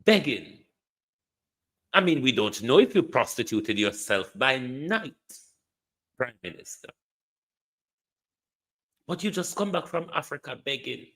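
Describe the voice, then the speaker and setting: A man's voice: mid-range voice, expressive, a little slow, pauses often, a bit bright. A man with a Jamaican accent giving heated political commentary, scornful and dropping into Patois as he keeps addressing the Prime Minister. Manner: mixes Jamaican Patois into English.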